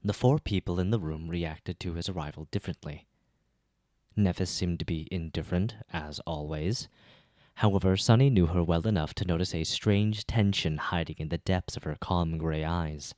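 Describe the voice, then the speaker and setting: A man narrating a web novel as an audiobook reader, measured and even. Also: deep voice, dry recording, clean studio sound.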